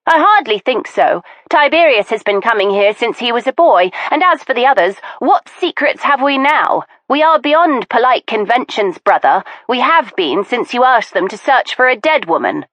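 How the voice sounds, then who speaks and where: A woman voicing a stubborn, sharp-tongued older aristocratic woman who snaps with scorn. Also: on the high side, very animated, normal speed, hardly any pauses, dry recording, voice pushed up. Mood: scornful. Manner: scornful, snappish.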